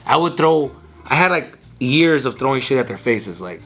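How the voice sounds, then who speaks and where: A young man telling loud, animated stories among friends, swearing freely and mimicking his dad. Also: a little high, normal speed, creaky. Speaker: guest. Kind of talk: casual storytelling among friends.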